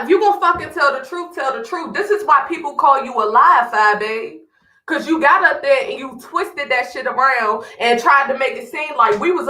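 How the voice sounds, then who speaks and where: A woman's voice: high-pitched, sharp tone, roomy sound, low-quality recording. A woman hosting a livestream, ranting in a heated, profane way and talking straight to her chat. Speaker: live stream host.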